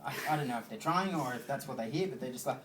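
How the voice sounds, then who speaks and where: Australian stand-up comic with rambling, swear-laden delivery, captured on a far-off phone in an echoey room. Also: male voice, mid-range voice, animated, fast talker, background noise. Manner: rambling, crude storytelling with swearing. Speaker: stand-up comedian. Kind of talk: stand-up comedy set. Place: comedy venue stage with live audience. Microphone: phone recording from the audience.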